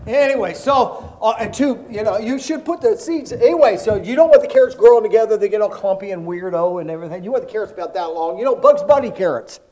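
A pastor preaching an animated sermon, acting out Bible stories and calling for amens from the congregation. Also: male voice, high-pitched, fast talker, hardly any pauses.

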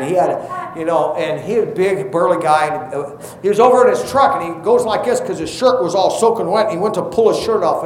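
A man's voice: high voice, roomy sound, a little hiss or hum, rough recording. A man preaching a sermon, telling a personal story in a folksy, conversational way and building to fervent appeals.

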